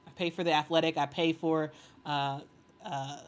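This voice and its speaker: A woman with a slightly low voice chats casually on a livestream. She reads viewer comments aloud and rambles through fillers and restarts. She laughs often and bursts into enthusiasm. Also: fairly even intonation, moderate pace. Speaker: sports commentary host reading live chat.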